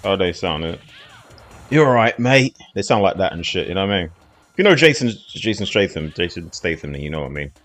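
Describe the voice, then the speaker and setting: A man's voice: sits low, expressive, fast, a bit bright, faint music behind. A man, casually commentating a fighting game on a live stream in a loose, slangy, rambling way. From southeast England.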